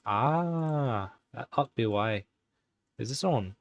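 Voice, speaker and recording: A male streamer chatting and muttering his way through typing commands, heard close and dry with no room sound. He keeps up an exaggerated put-on Irish accent, stopping and correcting himself as he works. His voice sits at a middling pitch. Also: lively intonation, slow, dry recording, dull audio. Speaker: live-stream host coding game commands. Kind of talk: casual live-stream commentary while typing.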